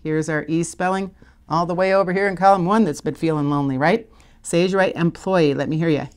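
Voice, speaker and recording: A woman with a slightly low voice leads a recorded spelling lesson. She talks through patterns conversationally and keeps checking in with her learners to encourage them. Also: quick pace, clean tone. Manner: encouraging, conversational teaching with frequent check-ins. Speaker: literacy teacher. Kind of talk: instructional video lesson.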